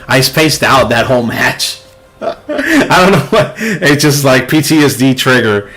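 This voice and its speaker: Excitable man laughing through live gameplay. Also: medium pitch, unhurried, a little hiss or hum. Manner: excitable, laughs often, trails off and restarts. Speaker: gaming livestream host. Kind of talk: casual live gameplay commentary.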